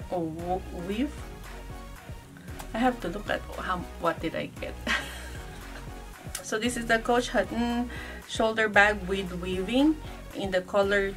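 A woman's voice: medium pitch, recorded from a distance. A woman from the Philippines with a Filipino accent, chatting casually through a handbag unboxing, musing aloud as she goes. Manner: chatty, restarts and muses aloud.

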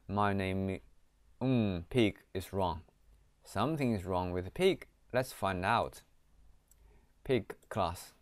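Slow, measured man teaching code. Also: medium pitch, expressive, dry recording, clean studio sound. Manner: slow, repeats "okay", reads code aloud. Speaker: programming teacher. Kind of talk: screen-recorded coding tutorial.

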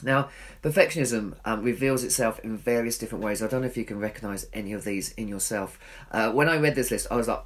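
Earnest self-mocking church speaker. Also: male voice, lowish voice, fast talker. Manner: earnest and self-deprecating, acts out his own inner voice. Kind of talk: recorded church talk.

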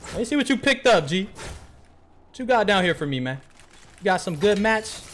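A man streams a game and keeps up loose, slangy commentary to himself and his viewers. His voice sits a little high and swings widely in pitch. Faint noise hums behind him. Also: moderate pace, long pauses. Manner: slangy, animated, talks to himself and chat. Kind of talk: casual gameplay commentary.

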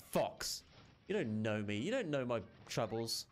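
A man hosting his own gaming channel, giving excitable let's play commentary and shouting at the game. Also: medium pitch, slow pace, vocal fry, faint music behind.

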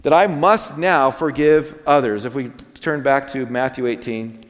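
Male pastor, mid-pitched, earnest dramatic sermon delivery, church hall reverb. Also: fairly even intonation, a little slow. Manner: earnest preaching with dramatic swings in loudness and pace. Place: church sanctuary.

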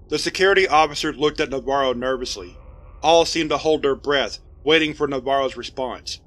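A man narrating a scripted horror story in a steady, even storytelling voice. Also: medium pitch, a little fast. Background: faint music.

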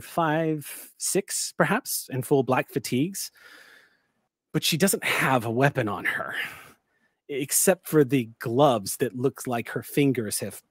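Guy running a tabletop horror game, dry mic, slow vivid descriptions. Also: on the high side, dry recording. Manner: vivid, deliberate descriptive narration. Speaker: game master.

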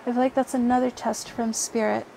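A woman's voice: fairly high pitch, little pitch movement, brisk, creaky, warm tone. A woman giving a casual tarot reading, blunt and heavy on swearing, with many fillers like "you know" and "okay". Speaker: tarot reader. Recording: faint background noise, helicopter overhead at times.

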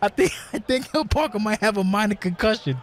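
A high, animated male voice that climbs and dives as he rants. He works as a color commentator in a booth, trash-talking the wrestlers with profanity and mocking disbelief. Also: a little fast. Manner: profane, heckling, yells insults at the wrestlers.

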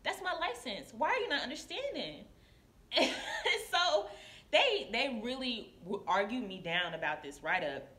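A woman nurse telling a story to camera in casual confessional style, animated and acting out her coworkers. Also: fairly high pitch, moderate pace. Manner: animated, acts out coworkers' voices. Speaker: licensed practical nurse. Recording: echoey room.

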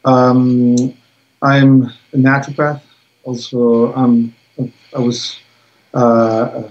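A man explains his field as a guest on a video call, pausing often and filling gaps with ums and uhs. His delivery stays level and even, and the call audio sounds dull and lo-fi. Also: mid-range voice. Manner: hesitant, many fillers, even delivery. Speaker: guest expert. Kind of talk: casual science interview.

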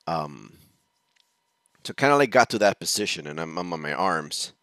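Deep-voiced man telling a rambling story. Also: animated, normal speed, fairly bright tone, no room sound. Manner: rambling, chuckling, restarts sentences. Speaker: reaction show host. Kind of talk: casual storytelling.

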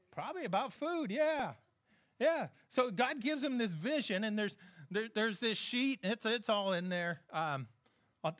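A pastor delivers a relaxed, conversational sermon, his voice sitting high for a man. He keeps checking in with the congregation and slips in light jokes as he preaches. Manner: conversational, humorous preaching with frequent audience check-ins.

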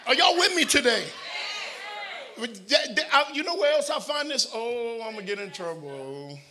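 A middle-aged male pastor preaching a lively sermon in a church, swinging from shouted, almost sung lines to quiet joking asides with the congregation. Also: very high-pitched, moderate pace, a crowd in the background. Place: church sanctuary.

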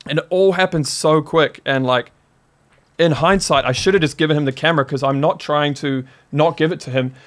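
A man in his twenties with a New Zealand accent, a podcast guest telling a story in a casual, animated way and filling his talk with "like". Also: a little high, a little fast. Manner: animated, heavy use of "like" as a filler.

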